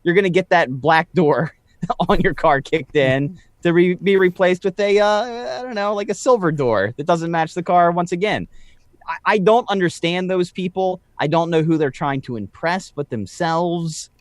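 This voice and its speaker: A man's voice: high voice, normal speed, dry recording, studio quality. Wry, exasperated man co-hosting a podcast. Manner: wry, exasperated commentary with stammered restarts. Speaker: podcast co-host. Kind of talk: casual chat.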